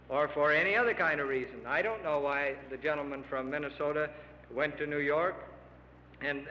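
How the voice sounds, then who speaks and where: A man's voice: fairly high pitch, slight background noise. Middle-aged man pleading in a reverberant hall. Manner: earnest, pleading, emphatic. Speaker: official giving a speech to farmers. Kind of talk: public speech. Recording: lo-fi archival radio recording with long hall reverb.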